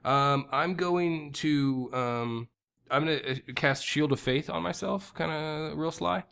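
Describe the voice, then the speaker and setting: Hesitant male player, somewhat high voice. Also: vocal fry, fairly bright tone, clean tone. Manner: stammering, halting. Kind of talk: tabletop game play.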